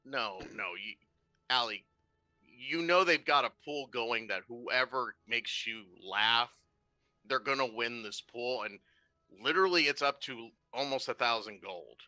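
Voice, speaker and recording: A man's voice: medium pitch, measured pace, bright, forceful tone, dry recording, soft background music. A man narrating a tabletop game as game master, rambling through his descriptions. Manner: rambling, with many fillers and restarts.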